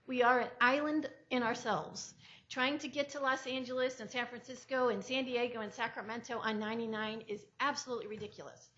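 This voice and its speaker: Older woman giving a public comment, earnest and a bit emotional, slightly high voice, dull lo-fi meeting audio. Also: fairly bright tone. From Central California. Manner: earnest, emotional, self-correcting. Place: public hearing room.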